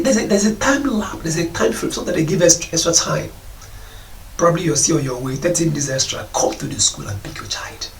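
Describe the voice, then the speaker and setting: Scolding man with a lively, echoing voice. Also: a little high, slight background noise. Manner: scolding, mocks parents in put-on voices. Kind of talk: preaching talk on parenting. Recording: echoey room, voice from a distance.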